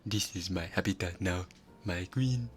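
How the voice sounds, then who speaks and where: A man voicing a small meme creature that slowly chants and hunts for its queen, in a mock-solemn tone. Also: low-pitched, soft background music, voice pushed down.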